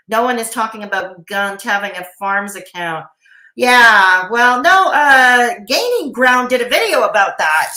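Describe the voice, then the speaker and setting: A woman's voice: on the high side, lively intonation, unhurried, sharp tone. Sarcastic lady reacting to a vid, reads chat, laughs a lot, echoey. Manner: sarcastic, laughing, mocking asides. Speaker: commentary streamer reacting to a video. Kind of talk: casual reaction commentary reading chat.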